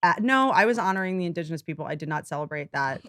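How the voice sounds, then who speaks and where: A woman in her forties hosting a podcast, chatting casually and telling animated stories with frequent laughs. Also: on the low side, rapid-fire, no echo, clean studio sound. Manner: animated storytelling, laughs often. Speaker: podcast host. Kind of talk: casual chat.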